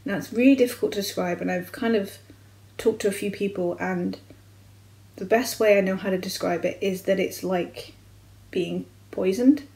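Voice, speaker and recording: A young adult woman vlogger, from the United Kingdom, recounting a personal medical experience in a candid, halting way with frequent restarts. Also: medium pitch, warm tone, rough recording. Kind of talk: personal storytelling vlog.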